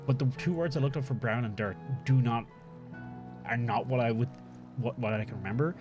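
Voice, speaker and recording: A young Irish man streams a game, chatting casually and thinking aloud in a rambling way with casual swearing. His voice is medium-pitched and fairly quick, with music in the background.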